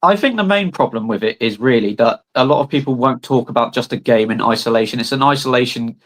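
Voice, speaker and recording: An Arsenal-supporting man on a football podcast, making his point in a measured, reasoning way. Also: medium pitch, fairly bright tone. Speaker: Arsenal fan panelist.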